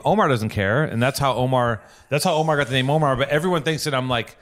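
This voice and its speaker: Fast-talking, profane male podcast host. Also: medium pitch, fairly bright tone. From Los Angeles. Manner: profane, rambling storyteller. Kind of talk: casual chat.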